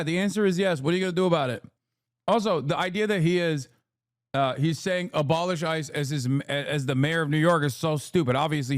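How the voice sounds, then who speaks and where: A man giving casual reaction commentary as a streamer and political commentator, ranting in a profane way with quick asides. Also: a little high, no echo, clean studio sound.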